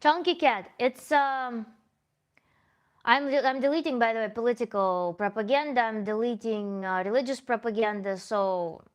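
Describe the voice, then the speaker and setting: A woman in a relaxed livestream Q&A, answering viewers as a tantra coach. She speaks a little high, thinks aloud, and often corrects herself mid-sentence. A light laugh slips in now and then. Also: moderate pace. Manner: thoughtful, self-correcting, with small laughs. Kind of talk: livestream Q&A, reading chat comments.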